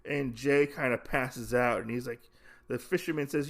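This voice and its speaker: Male podcast host, casual recap, rambling and jokey, mid-pitched. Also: normal speed, vocal fry, fairly bright tone. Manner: rambling, self-correcting, jokey.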